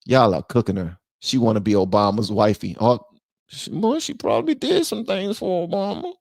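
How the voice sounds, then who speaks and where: Male stream host, mid-range voice, dry close mic, loud animated ranting with muttered asides. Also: mid-range voice, creaky, no room sound. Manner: animated, loud swings between shouting and muttering. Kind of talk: ranting commentary and reading chat on a live stream.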